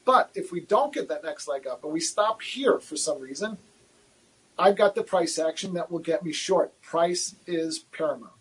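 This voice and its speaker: A man, a guest futures trader, answering livestream questions in a candid, animated, self-deprecating way, often repeating his words. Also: fairly high pitch, moderate pace, slightly rough, poor audio.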